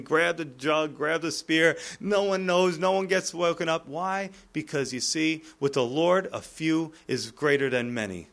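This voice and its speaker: A male pastor preaching a sermon, retelling the scripture in a lively way and chuckling at the text. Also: a little high, creaky.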